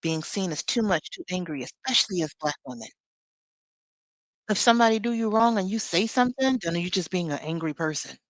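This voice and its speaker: A woman's voice: fairly low pitch, animated, fairly quick, no room sound, rough recording. A woman leading a live spiritual teaching, talking expressively with sassy, conversational asides.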